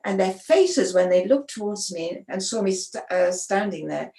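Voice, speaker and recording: A woman's voice: medium pitch, normal speed. Woman telling stories in a roomy echo. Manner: animated anecdotal telling with repeated restarts. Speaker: interview guest, sports photographer. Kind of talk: storytelling in a conversational interview.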